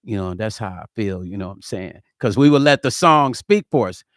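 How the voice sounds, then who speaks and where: A middle-aged man, a musician and producer, chatting casually in a vlog while he builds a track, excitable and slangy, forever saying hold on. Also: fairly low pitch, fairly quick, no room sound, clean studio sound. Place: music studio.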